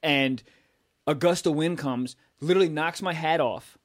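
A young man on a comedy podcast, telling stories casually with lots of swearing and loud acted outbursts. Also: fairly high pitch, moderate pace. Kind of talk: casual chat.

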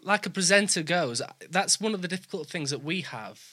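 A man with a Yorkshire accent, a presenter in easygoing, quick chat. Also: high voice, lively intonation, pushed and bright. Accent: Yorkshire English. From Yorkshire, England. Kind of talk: casual chat.

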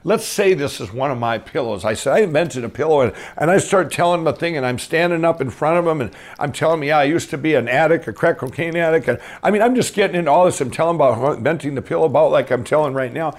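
A man's voice: fairly high pitch, quick pace, few pauses. A man, an inventor and company founder, telling his life story in a casual, rambling, eager way, acting out the dialogue he quotes. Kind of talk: casual first-person storytelling.

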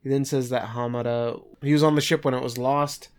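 A man's voice: mid-range voice, fairly even intonation, fairly quick, clear, resonant tone. Chatty man recapping an episode. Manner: chatty, loose, with filler words. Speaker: podcast co-host. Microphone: remote call mic.

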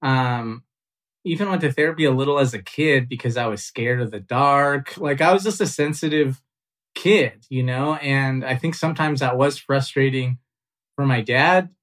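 Animated storytelling man, laughing easily. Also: mid-range voice, moderate pace. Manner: animated, self-mocking, laughs often, loose with fillers. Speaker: comedian guest. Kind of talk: storytelling in a podcast interview.

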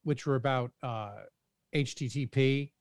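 A man's voice: medium pitch, fairly even intonation, unhurried, darkish tone, clear, resonant tone, no room sound. Joking man on a dry mic. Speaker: podcast co-host. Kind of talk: casual tech chat.

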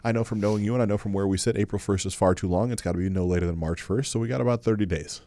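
A man's voice: fairly low pitch, rapid-fire, warm tone, no echo. A man co-hosting a podcast with his wife, talking bluntly and casually, owning his faults and swearing now and then. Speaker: podcast co-host.

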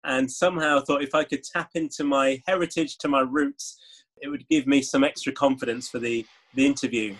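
A man, a guest author telling stories in an interview, animated and laughing often. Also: medium pitch, fairly quick. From Leeds, England. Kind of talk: interview conversation.

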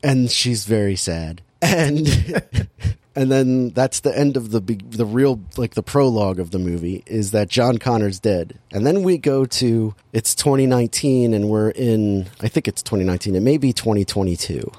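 A man's voice: on the low side, lively intonation, moderate pace, darkish tone, no room sound. A man recapping a movie in casual chat, rambling and joking as he acts out the scenes.

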